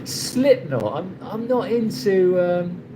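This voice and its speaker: A high-pitched, animated man speaks at a slow pace over a noisy background. The middle-aged host, from London, England, and carrying a London accent, chats casually on his livestream, reads viewer comments, and rambles, restarting many times.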